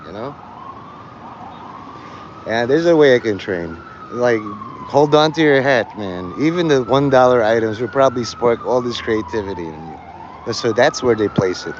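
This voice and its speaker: A man livestreaming outdoors on a rainy city street, rambling and joking, acting out quick voices and laughing often. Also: mid-range voice, muffled recording, a little hiss or hum.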